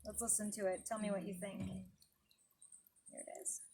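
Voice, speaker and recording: A woman's voice: medium pitch, flat delivery, normal speed, mellow, slight background noise. A woman leading a preschool storytime lesson outdoors by a garden pond, talking in a sing-song teacher voice to small children.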